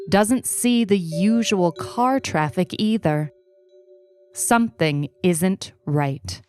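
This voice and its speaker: A woman narrating a short story in an unhurried, even storytelling manner. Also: lowish voice. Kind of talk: audiobook reading.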